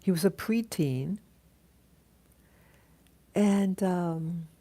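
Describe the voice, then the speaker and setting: A woman telling a dream in a casual, halting monologue, full of restarts and fillers as she greets viewers of her live stream. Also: on the low side, warm tone. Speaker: vlogger recounting a dream.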